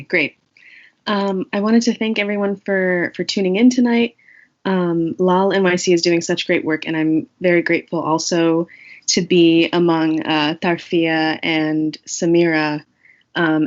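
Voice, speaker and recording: A woman's voice: on the low side, lo-fi sound. A woman poet from New York giving hesitant, casual opening remarks over a video call.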